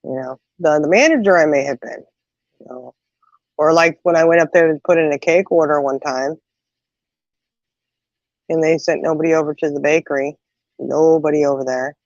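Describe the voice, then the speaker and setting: Speaking at a moderate pace with frequent pauses, this middle-aged host has a voice that sits low. She's chatty and lively, recounting daily happenings with many side remarks, and the sound is dull, slightly muffled, without room sound.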